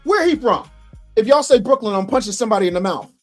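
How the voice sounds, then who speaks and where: A man hosts a reaction livestream from his home setup, speaking through a studio microphone. His voice sits fairly high, and he exclaims and jokes with his viewers as he reacts to clips. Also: fast, soft background music. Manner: animated, exclaiming, teasing chat. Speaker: livestream host. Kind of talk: reaction commentary.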